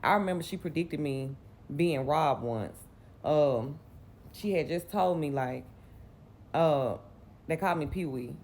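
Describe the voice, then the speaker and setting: A Southern woman from Mississippi vlogs her personal story in a candid, rambling, conversational way. Her voice is deep and a little mellow, a bit slow, with frequent pauses.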